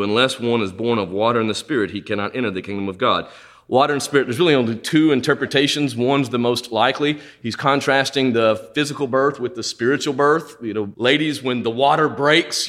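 A male pastor preaching a sermon, swinging dramatically in pitch and loudness and acting out quoted speech in his own voice.

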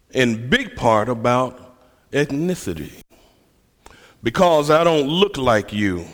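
Preacher, man, telling stories with a self-mocking humor; long hall reverb around him. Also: mid-range voice. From Memphis, USA. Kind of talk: sermon.

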